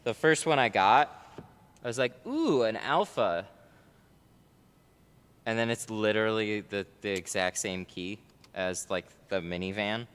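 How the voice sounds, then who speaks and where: Chatting casually on a livestream, a window tinter works in a car tint shop and answers viewer chat. His lowish voice holds a steady tone at a moderate pace, fairly bright, clear and resonant. The audio has a big-room sound.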